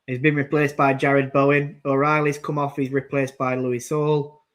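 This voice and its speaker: A man's voice: mid-range voice, flat delivery, normal speed, fairly bright tone. A man with an everyday mid-range voice co-hosts a football watchalong. He rambles through his opinions, reels off substitutions and describes the play as it happens. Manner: rambling, calls out substitutions and plays. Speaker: co-host commentating on the match. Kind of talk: casual football watchalong chat.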